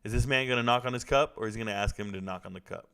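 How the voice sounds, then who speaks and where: Speaking very fast with vocal fry, a young male streamer keeps up joking, easygoing banter with his chat while he reacts live to a fight. His voice sits on the low side, sharp yet clear and resonant.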